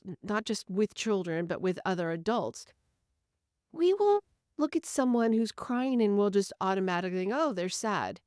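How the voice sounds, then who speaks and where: A woman's voice: mid-range voice, a little mellow, dry recording, clean studio sound. A woman hosting a solo podcast, talking earnestly about feelings and explaining them through everyday stories. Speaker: podcast host. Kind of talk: reflective solo podcast talk.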